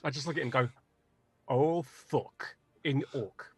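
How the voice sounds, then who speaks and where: A man plays his turn in a tabletop game, cracking jokes and riffing on his character. His voice is mid-pitched and plain, with a playful lilt. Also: racing, slightly rough, no echo. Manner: jokey, playful. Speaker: player. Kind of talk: casual tabletop play.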